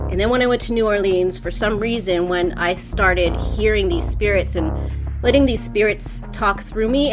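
A young woman who works as a spirit medium, telling her story as an interview guest in a candid, casual way, swearing freely with lots of fillers. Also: fairly low pitch.

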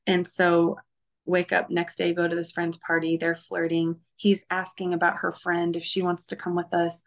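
Earnest woman telling a dark personal story. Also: on the low side, little pitch movement, moderate pace. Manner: earnest, emotional storytelling with many fillers. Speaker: guest sharing her testimony. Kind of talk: personal testimony interview.

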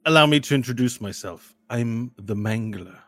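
A man's voice: medium pitch, normal speed, a bit bright, natural voice. A man voicing a polite, formal male bounty hunter in armor. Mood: courteous. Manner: formal, courteous.

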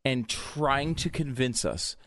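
A man's voice: mid-range voice, slow, fairly bright tone. A male co-host on a talk show, ranting with emphatic indignation. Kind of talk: comedic talk show banter.

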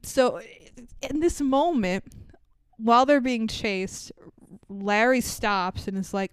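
Brief: young woman co-host, smooth clear voice, slightly high, sarcastic and profane, dry close mic. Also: slow pace, no echo. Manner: sarcastic, swearing, laughs often. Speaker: podcast co-host. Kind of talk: casual movie recap chat.

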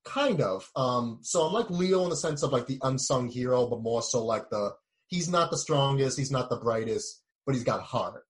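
A man speaking casually as an actor being interviewed, with a baritone voice and a relaxed, filler-heavy way of talking. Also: moderate pace. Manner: laid-back, frequent "like" fillers, jumps up in pitch when animated.

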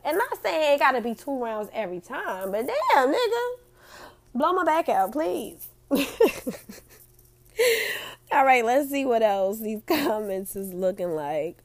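Woman, host, casual chat, blunt, profane, laughs often, fairly high pitch, very animated. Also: unhurried, pauses often. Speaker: host reading out audience comments.

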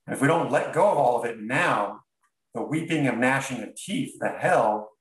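A man's voice: medium pitch, animated. Man telling his story, echoey and distant. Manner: earnest, halting, with frequent restarts. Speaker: podcast guest. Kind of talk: reflective storytelling.

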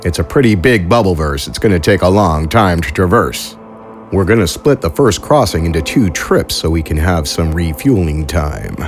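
A man hosting and narrating an audio drama in a relaxed, conversational way. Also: low-pitched. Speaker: host and narrator. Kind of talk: scripted narration.

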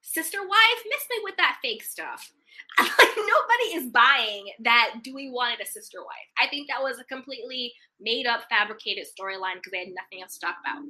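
A young woman with a very bright, ringing voice, talking with sass and emphasis. She sits a little high in pitch and keeps the chat casual and lively. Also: normal speed. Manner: animated, sassy, emphatic. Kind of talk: casual reality-TV gossip chat.

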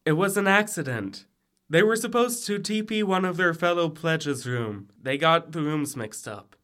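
A man's voice: a little high, animated, moderate pace, fairly bright tone. A young man acting a sarcastic frat brother in a college audio drama, with dry quips. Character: wry young male frat brother Jimmy. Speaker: student actor in audio drama.

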